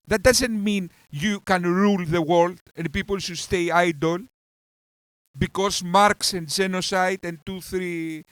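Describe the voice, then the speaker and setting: A man with a high-pitched voice hosts a reaction commentary channel, recorded with no room sound. He speaks with heated scorn and insults, alternating between outbursts and calmer stretches.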